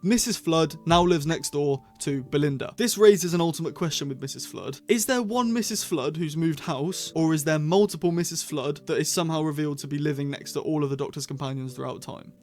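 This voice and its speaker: A man's voice: on the high side, fairly quick, hardly any pauses, a little mellow. A man hosting a casual review vlog, talking in a chatty, rambling way and often correcting himself. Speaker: channel host reviewing episodes.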